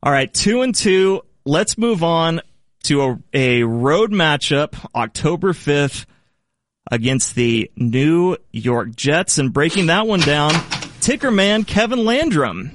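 A man's voice: a little high, animated, slow pace. Upbeat laughing sports host man. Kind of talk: sports show segment.

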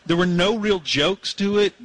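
A man hosting a sports radio show, telling a story in casual banter with animated, mock-indignant delivery. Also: high-pitched, normal speed, no echo, rough recording. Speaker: radio host.

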